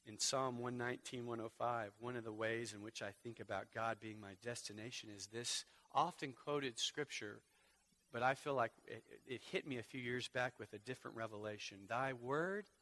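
Bright-voiced man preaching a dynamic sermon. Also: lowish voice. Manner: dynamic, swings from hushed to loud emphasis. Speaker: pastor.

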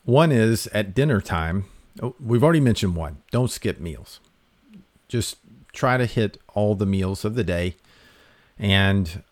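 A man hosting a talk, giving health advice in a relaxed, conversational way with fillers and restarts. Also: low voice, dry recording. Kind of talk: casual explanatory talk.

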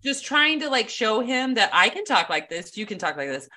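A woman co-hosting a podcast in casual chat, candid and quick to laugh, often quoting other people as she tells stories. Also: a little high, very animated, sharp tone. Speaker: podcast co-host.

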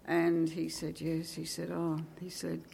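An older woman with an Australian accent, a retired teacher, recounting her career with lively acted-out dialogue and wry asides. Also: low-pitched, a little slow, vocal fry, slight background noise. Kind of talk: oral history reminiscence.

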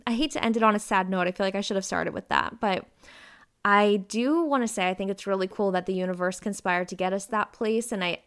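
A woman in her twenties hosting a podcast, talking casually and openly with lively bursts of emphasis. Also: mid-range voice, smooth. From Ohio. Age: 20s. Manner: chatty, open and confessional, with lively bursts of emphasis. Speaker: podcast host. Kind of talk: casual personal chat.

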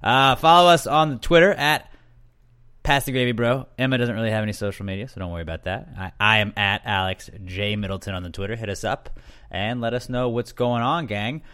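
A man's voice: mid-range voice, brisk, fairly bright tone, clear, resonant tone. A young man co-hosting a casual podcast, joking and rambling, often correcting himself mid-sentence. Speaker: podcast co-host.

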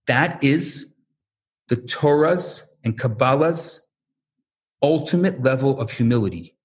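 A man's voice: mid-range voice, slow pace, pauses often. A man giving a religious lecture as a rabbi, telling stories and acting out the quotes. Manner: animated storyteller who acts out quotes.

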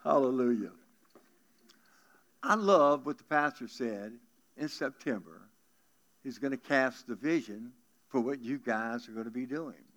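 A man's voice: medium pitch, expressive, unhurried, a bit bright. A man in his seventies with a South Louisiana accent, preaching in a folksy, joking way to a congregation. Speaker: guest pastor. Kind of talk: folksy storytelling sermon.

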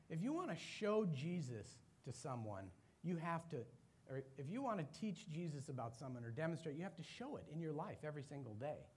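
A middle-aged man giving a sermon-style talk, telling personal stories and acting out what others said. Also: sits high. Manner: animated storyteller acting out quoted voices. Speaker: business owner giving a talk.

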